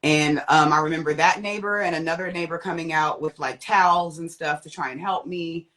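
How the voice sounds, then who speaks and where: Fairly quick and a bit bright, a young woman tells her personal story as a guest. When she quotes others, she acts the voices out vividly, jumping widely in pitch.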